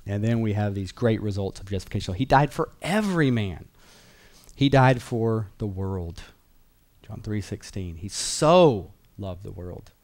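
A man's voice: fairly low pitch, expressive, moderate pace, a little mellow. A man teaching a Bible class in an earnest, conversational way, repeating key phrases and reading verses aloud.

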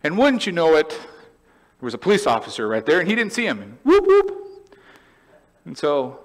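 Animated man preaching in a reverberant church. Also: fairly high pitch, fast. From California. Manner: animated, storytelling, acts out voices and laughs. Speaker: pastor. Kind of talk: sermon. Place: church sanctuary.

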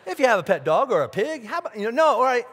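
A man preaching a sermon as pastor, animated, asking rhetorical questions and often repeating his words. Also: extremely high pitch, very fast, breathy edge, long reverb tail. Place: church auditorium.

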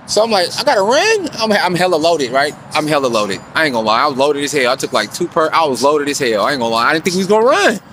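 A man's voice: on the high side, sing-song, quick pace, hardly any pauses, a bit bright, slight background noise. A man telling a rambling story and giving advice in a casual monologue, slangy and profane, often asking if the listener follows him. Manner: profane, slangy, keeps asking "you feel me". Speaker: vlogger giving financial advice.

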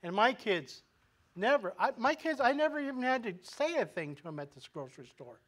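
A man's voice: very high-pitched, big pitch swings, fairly quick, a bit bright. A male pastor preaching a sermon in a conversational way, asking the congregation rhetorical questions and often repeating words as he goes.

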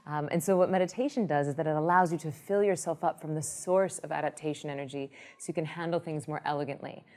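A woman who teaches meditation, explaining her method in a lively way and telling an example story. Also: low voice, fast. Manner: lively storyteller, acts out quoted people.

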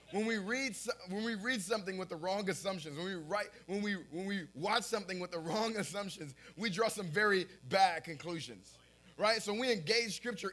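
High, bright-voiced animated young preacher. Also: male voice. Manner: animated storytelling, often laughing at his own story; casual filler-heavy talk. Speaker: pastor. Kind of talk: sermon.

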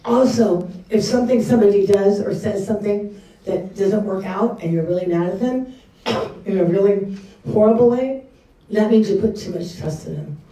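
A woman's voice: mid-range voice, normal speed, dark tone. A middle-aged woman giving a candid, conversational sermon at a church gathering, often acting out her own reactions. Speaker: speaker at a church women's session. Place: church hall. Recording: echoey room from a distance.

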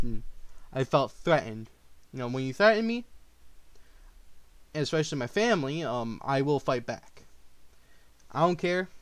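A man reacting to a diss track in a heated, profane rant that swings between low grumbling and outbursts. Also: smooth, no room sound.

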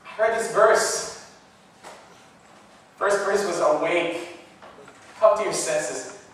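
A man preaching a sermon, swinging from loud bursts to hushed tones when he quotes God softly. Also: on the high side, slow pace, a little hiss or hum. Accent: Californian. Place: church hall. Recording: echoey hall from far off.

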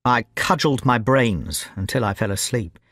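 A man narrating an audiobook in a clear, measured reading pace meant for language learners. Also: medium pitch, expressive, a bit bright, no echo, studio quality.

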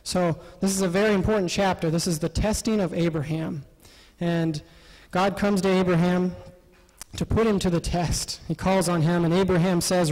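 High-voiced man teaching a Bible study. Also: moderate pace. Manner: animated, often laughing, acts out quotes. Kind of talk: lively Bible study talk. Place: parish hall. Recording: long hall reverb.

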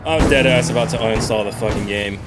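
A young man giving profane, frustrated commentary over his own gameplay, now and then yelling. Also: on the low side, fast talker, loud music behind the voice. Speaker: gaming YouTuber.

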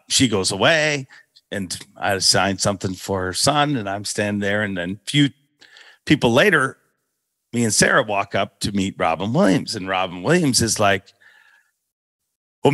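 Animated middle-aged man telling a story. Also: fairly low pitch, no room sound. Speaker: podcast host. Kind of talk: casual storytelling chat.

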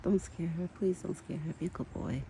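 Speaking a little fast in a low, warm voice, a woman vlogs outdoors in her backyard while filming her pet deer. Her chat is casual, affectionate and full of "like"s, with a little hiss or hum in the background.

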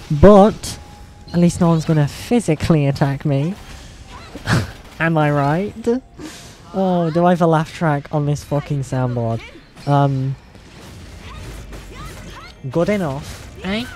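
A woman streamer chatting casually on stream, rambling, swearing and giggling, and practising a higher voice. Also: warm tone. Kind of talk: casual livestream chat.

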